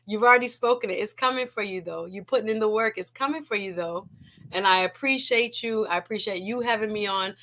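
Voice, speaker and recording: A woman's voice: medium pitch, fairly quick, bright, forceful tone. A woman hosting a casual livestream, talking emotionally, laughing often and repeating her words. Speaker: livestream host.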